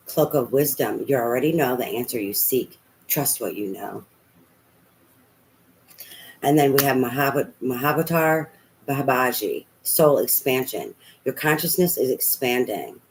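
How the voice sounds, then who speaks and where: A man's voice: mid-range voice, poor audio. Male tarot reader, casual, chatty, a bit profane, mid-range voice, faint background noise. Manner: chatty, swears casually, talks to spirit aloud.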